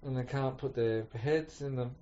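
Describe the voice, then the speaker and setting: A man's voice: mid-range voice, normal speed, warm tone. A man chatting casually as co-host, rambling and acting out quoted voices. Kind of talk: casual chat. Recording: muffled lo-fi recording.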